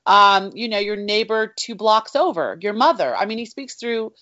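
Expressive and a bit bright, this middle-aged woman's medium-pitched voice moves at normal speed. As a guest author in a faith conversation, she speaks with heartfelt sincerity and a frequent "you know," captured in a dry, somewhat dull recording.

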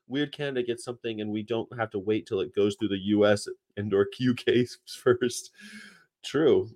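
Low-voiced guy rambling on a stream, laughing a lot, reading chat. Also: normal speed, darkish tone. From United States. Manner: rambling, laughs often, mimics accents. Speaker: livestream host. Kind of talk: casual chat reading chat comments.

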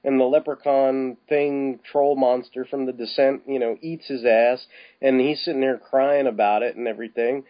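A man's voice: medium pitch, fairly even intonation, moderate pace. A man talking casually about a film, rambling with lots of restarts and casual swearing. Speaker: podcast co-host. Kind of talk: casual film-review chat. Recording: slightly dull, lo-fi podcast audio.

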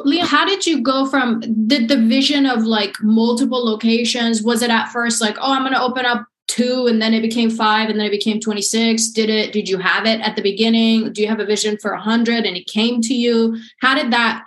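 A woman's voice: a little high, fairly even intonation, moderate pace. A woman hosting an interview, asking curious questions in long runs. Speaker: interview host. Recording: echoey room.

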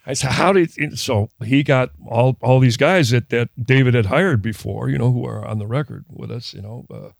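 An older man from Minnesota spins a long anecdote as a guest in a casual interview, circling back and restarting his sentences as he goes. His voice sits at a middling pitch. The sound is dry and close, with no room around it. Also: normal speed, creaky, hardly any pauses, no room sound. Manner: rambling, self-interrupting anecdotes with laughs. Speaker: guest musician.

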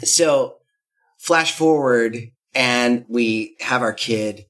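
A man's voice: medium pitch, very slow, fairly bright tone. A man in his thirties, a guest telling a candid personal story, rambling with fillers and restarts and acting out quotes.

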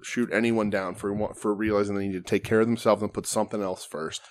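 A man's voice: fairly low pitch, fairly even intonation, fast talker. Blunt, profane man chatting wrestling. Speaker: podcast co-host. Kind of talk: casual wrestling chat.

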